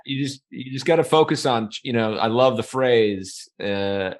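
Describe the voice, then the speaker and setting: Relaxed Canadian man in his thirties. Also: mid-range voice, a little slow. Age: 30s. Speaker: podcast guest. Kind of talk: casual conversational storytelling.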